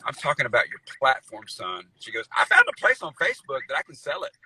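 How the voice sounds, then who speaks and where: A man's voice: mid-range voice, wildly swooping pitch, fast, sharp tone, slightly rough, no echo, low-quality recording. A middle-aged man, telling stories in a folksy, rambling way, full of fillers, on a video call interview. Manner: folksy storyteller, says y'all, many fillers. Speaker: guest country singer. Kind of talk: casual interview chat.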